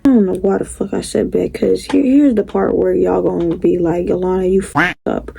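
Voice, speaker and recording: A young adult woman telling a storytime vlog story, animated, exclaiming and swearing freely. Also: fairly low pitch, normal speed, vocal fry, slightly rough. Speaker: vlogger. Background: background music.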